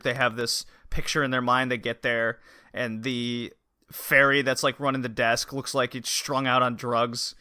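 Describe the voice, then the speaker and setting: With clean studio sound and no room sound, a male podcast co-host speaks at a measured pace in a medium-pitched voice with little pitch movement, pushed, bright, and smooth. He laughs, acts out quotes, and keeps the chat casual and animated.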